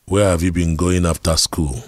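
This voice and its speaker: A man playing a stern, strict father who questions his son gravely and slowly. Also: low voice, fairly even intonation, dry recording, studio quality.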